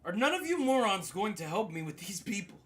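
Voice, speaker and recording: A man's voice: sits high, sing-song, fairly quick, voice pushed up. A man voicing an impatient, rude character in a tabletop game, barking at the others. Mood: irritated.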